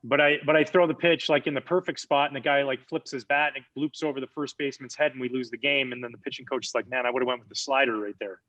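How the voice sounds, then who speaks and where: A man in his forties, a former ball player guesting on a podcast, telling a story in a lively, casual way with many fillers. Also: medium pitch, fast talker, hardly any pauses, no echo, dull audio.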